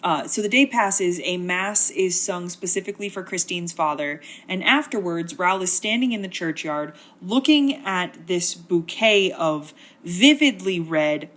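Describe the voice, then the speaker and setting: A woman's voice: fairly low pitch, animated, measured pace, few pauses, fairly bright tone. A woman hosting a comedic book synopsis, narrating in a wry, chatty, slangy way. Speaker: host.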